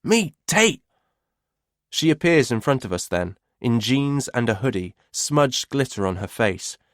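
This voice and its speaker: A man's voice: medium pitch, animated, normal speed, no echo. Dry, wry male audiobook narrator. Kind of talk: first-person audiobook narration.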